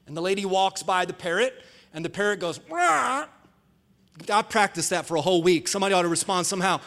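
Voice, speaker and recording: High-voiced, emphatic preaching man. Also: fairly even intonation, very fast, fairly bright tone. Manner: emphatic, preacherly, playful storytelling. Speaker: pastor. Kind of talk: sermon. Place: church, live service.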